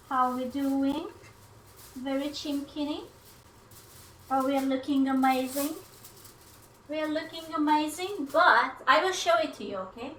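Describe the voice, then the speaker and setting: High bright-voiced woman streamer, playful. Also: slight background noise. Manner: playful, teasing, jokey banter with chat. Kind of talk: casual livestream chat while cooking.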